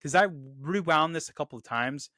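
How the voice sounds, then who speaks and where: Man, film review host, bright crisp voice, dry close sound, enthusiastic casual talk. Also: on the high side, animated, brisk, dry recording. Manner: enthusiastic, repeats "really, really"; quotes lines in a loose put-on delivery.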